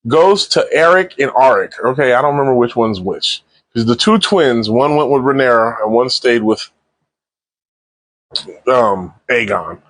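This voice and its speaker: A man casually recapping and reviewing a TV episode in slangy, animated speech, acting out the characters' lines. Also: medium pitch, dry recording. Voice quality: animated slangy retelling with acted-out quotes. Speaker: TV show reviewer.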